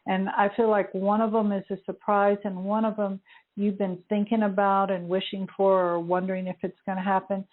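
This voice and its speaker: A woman's voice: medium pitch, flat delivery, fairly quick. A woman working as a spirit medium, passing on messages to callers in a hesitant, searching way, with many fillers. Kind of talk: relaying messages on a call-in radio show. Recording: narrow phone-line sound.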